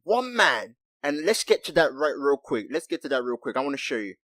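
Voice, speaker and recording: Man, recap host, mid-range voice, chatty and excitable, keeps calling out to viewers, dry close recording. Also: mid-range voice, fairly quick, dry recording. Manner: excitable, repeats himself, keeps addressing viewers with "look" and "guys". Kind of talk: casual commentary over anime clips.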